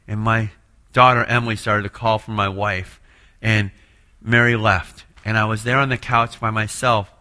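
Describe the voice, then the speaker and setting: A man telling an earnest spoken testimony of faith, moving between hushed passages and loud, impassioned ones. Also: fairly low pitch, little pitch movement, normal speed. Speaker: churchgoer sharing a personal testimony.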